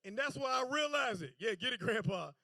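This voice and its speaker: A man's voice: extremely high pitch, lively intonation, a little fast, creaky, bright, forceful tone, dry recording. A man doing a stand-up set on a comedy club stage, telling stories loosely with stammering restarts.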